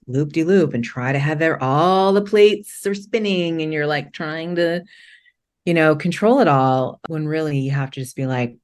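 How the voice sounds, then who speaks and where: This low-pitched voice belongs to a middle-aged Maine woman sharing her story frankly as a guest on a podcast. Her telling wanders, full of restarts and brief laughs.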